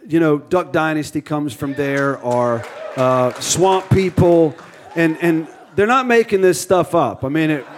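Folksy preacher from Louisiana. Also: male voice, fairly high pitch, unhurried, a little hiss or hum. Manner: folksy, joking, with many restarts. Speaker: guest preacher. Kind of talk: sermon with storytelling.

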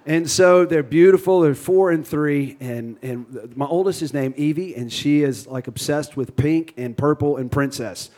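A man's voice: a little high, a little mellow. A man in his thirties with a Louisiana accent preaching a sermon in a folksy, joking way, with restarts. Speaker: guest preacher. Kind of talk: sermon with storytelling.

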